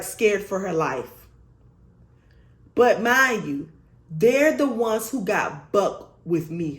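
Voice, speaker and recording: A young woman vlogger telling a storytime story in an animated, emphatic way, swearing freely. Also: mid-range voice. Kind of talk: storytime vlog. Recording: roomy echo.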